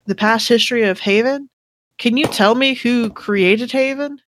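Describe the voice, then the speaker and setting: A woman's voice: fairly high pitch, a little slow, a little hiss or hum. A woman playing a tabletop game, speaking hesitantly with many fillers. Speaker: player. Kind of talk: tabletop role-play.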